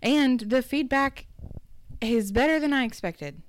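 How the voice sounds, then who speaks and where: A woman's voice: sits high, animated, a little slow. A woman co-hosting a podcast in casual, joking chat; she teases bluntly and laughs often. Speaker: podcast co-host.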